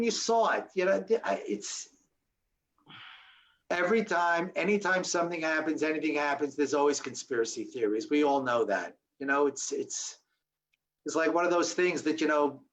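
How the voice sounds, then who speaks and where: A man's voice: a little high, moderate pace, poor audio. A man in his sixties speaking as a guest on a video call, telling a story with humor and acting out the voices of the people in it. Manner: animated storyteller who acts out quoted voices with humor. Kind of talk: storytelling talk with Q&A.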